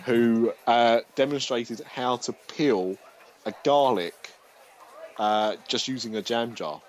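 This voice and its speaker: A man's voice: mid-range voice, takes it slowly, slight background noise, rough recording. A man hosting a podcast in casual chat, rambling with restarts and jokes. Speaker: podcast host.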